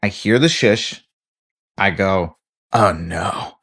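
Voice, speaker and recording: A man's voice: deep voice, slow, creaky, husky. A man, a comedian co-hosting a podcast, telling a story in casual chat and acting out the people in it. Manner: animated storytelling, acts out voices.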